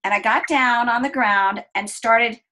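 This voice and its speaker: A middle-aged woman telling an interviewer a personal family story in an earnest, gentle way, slowing down at the calm moments. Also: fairly high pitch, poor audio. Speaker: interview guest.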